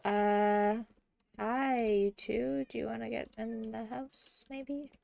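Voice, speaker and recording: A woman's voice: fairly high pitch, steady tone, slow pace, gravelly. Giggly young woman streaming a game. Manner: chatty and giggly, often murmuring quietly to herself. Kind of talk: casual gameplay chat.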